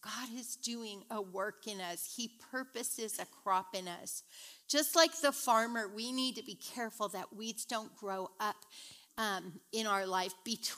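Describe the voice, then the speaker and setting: A middle-aged woman teaching a women's Bible study in a chatty, animated way, retelling stories as she goes. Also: medium pitch, a little slow. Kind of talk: casual devotional teaching.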